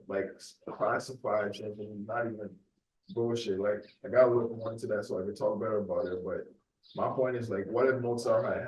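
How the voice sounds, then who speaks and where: A young Nigerian-born man hosts his podcast alone, talking in a mostly American accent that lets a Nigerian lilt slip through. His voice sits low and mellow, loose and rambling with constant "you know"s. He sounds a little off the mic in an echoey room. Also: recorded from a distance, dull audio. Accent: American with a light Nigerian accent. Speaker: podcast host. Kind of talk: casual solo podcast monologue.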